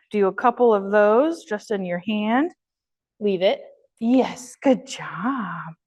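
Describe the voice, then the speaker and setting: A woman dog trainer leading an online class, explaining steps and praising her dog in a high, happy voice between instructions. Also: darkish tone.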